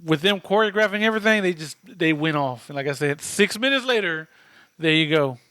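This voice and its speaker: A man's voice: fairly high pitch, animated, a little fast, pushed and bright, clear, resonant tone, no echo. A man co-hosting a podcast, chatting casually about a movie, sharing trivia and swearing now and then. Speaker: podcast co-host.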